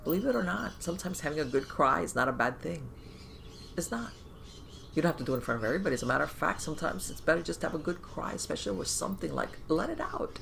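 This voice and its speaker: A podcast host talking in a casual interview, animated, with many fillers and restarts and acted-out inner voices. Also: medium pitch, quick pace, creaky, slight background noise.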